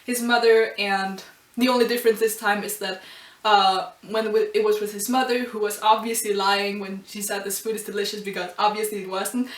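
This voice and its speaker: Speaking a little fast with a medium-pitched voice that barely moves in pitch, a woman reviews a comic chapter for a casual anime and manga video. She gushes emotionally, laughing and saying um a lot, and the audio sounds roomy and far from the mic.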